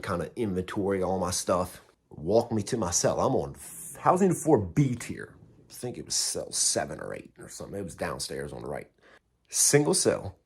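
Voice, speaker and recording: A man's voice: low voice, breathy edge. A man telling a story in a casual way, blunt and heavily profane, and mocking himself. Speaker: vlogger recounting prison time.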